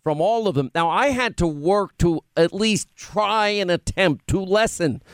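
Chatty radio host with faint New York accent. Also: male voice, sits high, no room sound. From Long Island, United States. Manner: chatty, bantering, quick asides. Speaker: radio talk show host. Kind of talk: casual radio chat.

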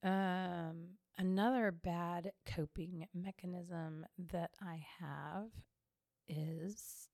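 A woman's voice: lowish voice, fairly even intonation, extremely slow, creaky, a little mellow, no room sound, clean studio sound. A woman co-hosting a podcast in casual chat, chatty and playful, laughing often. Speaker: podcast co-host.

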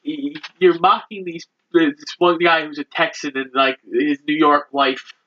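Man, podcast co-host, stumbling casual recap, bright voice, muffled recording. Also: on the high side, steady tone, unhurried. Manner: stammering, laid-back. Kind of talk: casual movie recap chat.

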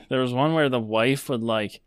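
A man's voice: medium pitch, measured pace, clean tone, no room sound, clean studio sound. A man co-hosting a podcast, chatting casually and rambling with lots of fillers. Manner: rambling, conversational, many fillers. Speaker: podcast co-host.

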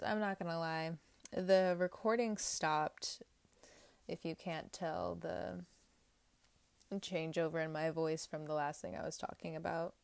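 A woman's voice: fairly low pitch, vocal fry, clean tone, no room sound. A young woman giving a casual tarot reading, talking candidly and with emphasis, often rambling. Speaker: tarot reader.

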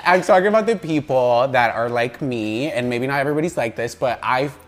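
An American man who is a guest on a podcast, talking in an animated, playful way with frequent laughs. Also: mid-range voice, fairly quick, soft background music. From United States. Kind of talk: casual interview chat.

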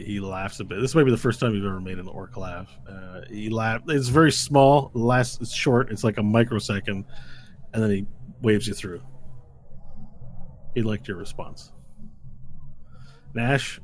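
A man's voice: fairly low pitch, moderate pace, long pauses. A man narrating as game master of a tabletop game, talking casually and rambling with fillers.

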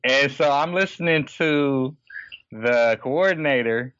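A man from Oakland, a podcast guest, telling stories in casual chat, animated, laughing often and acting out other people's lines. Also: medium pitch, slow pace, smooth. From Oakland, California. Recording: dry, slightly dull lo-fi podcast audio.

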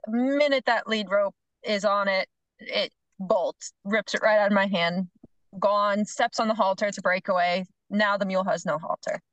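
A middle-aged woman, a horse trainer on a podcast, telling a story in a lively way and acting out what people said. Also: mid-range voice, normal speed, dry recording, rough recording. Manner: animated storyteller, acts out the other people's lines, laughs between phrases. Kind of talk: casual storytelling chat.

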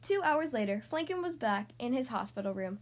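A woman reading a children's storybook aloud in a gentle, expressive manner. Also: fairly high pitch, fairly quick.

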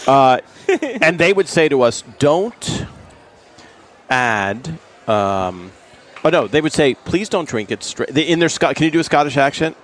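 Middle-aged male guest, anecdotal storyteller, acts out quotes, even mid-range voice. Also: mid-range voice, moderate pace. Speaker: guest, sitcom writer. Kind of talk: casual podcast chat.

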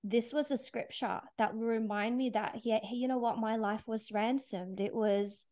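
A woman's voice: fairly high pitch, steady tone, normal speed, a little mellow. A woman guest giving an earnest, emotional faith testimony in conversation, laughing through tears at times. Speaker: podcast guest.

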